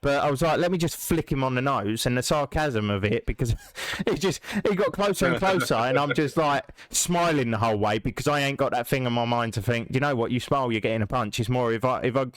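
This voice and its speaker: A young man hosting a podcast. He tells stories in a lively way, laughs often and acts out quotes. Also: medium pitch, a little fast, no room sound. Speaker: podcast host. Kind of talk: casual podcast chat.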